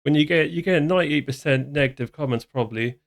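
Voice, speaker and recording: A man's voice: fairly high pitch, fast. A man hosting a reaction commentary, talking casually in a sarcastic, mocking way with lots of restarts. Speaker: commentary channel host.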